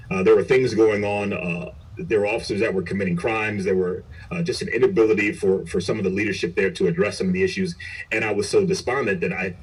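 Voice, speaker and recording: A middle-aged man, a police chief, telling his story in an interview, earnest and halting with frequent restarts. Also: on the low side, slightly rough. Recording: recorded far from the mic.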